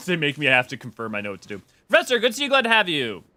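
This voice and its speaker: A man's voice: fairly high pitch, wildly swooping pitch, very fast, bright, forceful tone. A man streaming a game, chatting with viewers in a rambling way with many restarts. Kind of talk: casual game stream commentary.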